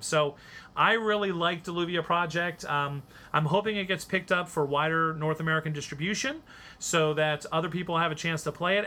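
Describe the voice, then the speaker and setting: A male podcast host talks through a review in a loose, rambling way, stopping often on fillers. His voice sits a bit high and sounds bright and forward. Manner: chatty, rambling, many fillers. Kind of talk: casual review chat.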